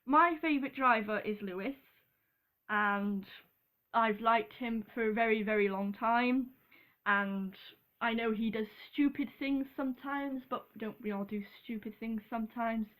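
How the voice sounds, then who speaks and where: Slow, giggly young British woman. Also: fairly high pitch, fairly bright tone. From Britain. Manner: giggly, rambling, apologetic, with frequent ums. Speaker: vlogger. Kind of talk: casual chat.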